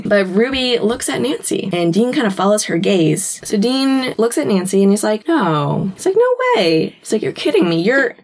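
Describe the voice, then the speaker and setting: A woman's voice: medium pitch, lively intonation, normal speed, hardly any pauses, darkish tone. A woman co-hosting a podcast, casually recapping a TV episode and acting out the characters' lines as she goes. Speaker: podcast co-host.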